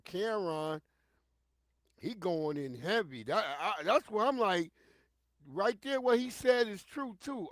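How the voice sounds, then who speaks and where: A man hosts a livestream, riffing bluntly and animatedly with plenty of profanity. His voice runs fairly high. The sound is dry and close, with no room around it. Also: no room sound. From New York. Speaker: livestream host. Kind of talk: casual commentary.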